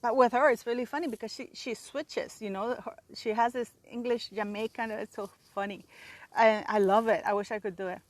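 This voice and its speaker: Woman, 40s, slightly high voice, talking loosely and casually to her viewers, dry close sound. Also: fairly even intonation, brisk, dry recording. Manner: chatty, rambling, frequent "you know" fillers. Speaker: channel host. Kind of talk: casual opinion commentary.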